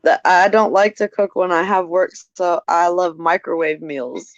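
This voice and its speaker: A woman's voice: fairly low pitch, steady tone, a little slow, no room sound. A woman chatting on a video call in a friendly, sympathetic way. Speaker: caller on a livestream. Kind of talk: casual video-call chat. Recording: dry lo-fi video-call audio.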